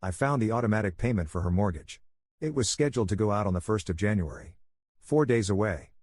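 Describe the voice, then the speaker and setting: A man tells a long story in a calm, steady voice, low-pitched and husky. The sound is dry and close, and the delivery stays measured. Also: no echo. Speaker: narrator.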